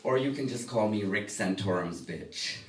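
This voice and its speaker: A man from India doing stand-up comedy with loud, brash punchlines, recorded in a workout room. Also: on the low side, normal speed. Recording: echoey room from a distant mic.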